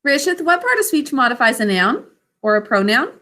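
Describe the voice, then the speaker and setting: Over a video call, a woman teaches an online spelling and grammar lesson, slow, clear and encouraging as she sounds out words. Her high voice is sing-song, bright and forceful.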